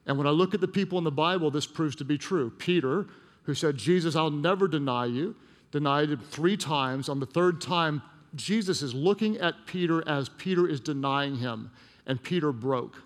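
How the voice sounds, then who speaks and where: A man preaching a sermon, telling a story with emphatic repetition and dropping soft and slow at emotional points. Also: on the high side, long reverb tail. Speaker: pastor.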